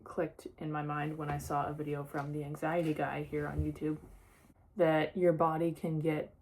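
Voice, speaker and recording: A woman's voice: deep voice, monotone, moderate pace, darkish tone, slight background noise. A young woman talking casually in a personal vlog, sharing her experience with many "like" fillers. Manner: chatty, lots of "like" fillers. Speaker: vlogger.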